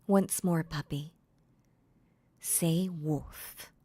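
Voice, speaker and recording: A woman voicing a cold, controlling female boss in a whispered role-play, speaking in a soft, low whisper. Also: steady tone, drawn-out words, breathy edge, exaggerated voice. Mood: commanding. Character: cold commanding female boss toying with her pet. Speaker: voice actor.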